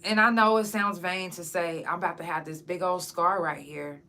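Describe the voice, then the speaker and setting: A woman's voice: fairly low pitch, fairly even intonation, normal speed, sharp tone, a little hiss or hum. A woman podcast host and singer, chatting frankly and casually with her audience, swearing freely. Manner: talks straight to her audience. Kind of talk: casual chat to camera.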